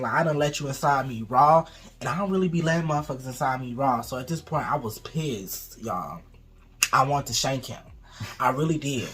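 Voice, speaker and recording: A man's voice: medium pitch, brisk, noisy background. A man spinning a dramatic personal story in casual chat, peppered with profanity and acted-out quotes. His voice sits in an ordinary mid range. He laughs as he goes. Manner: animated, profane, acts out quotes, laughs often. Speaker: co-host telling a story.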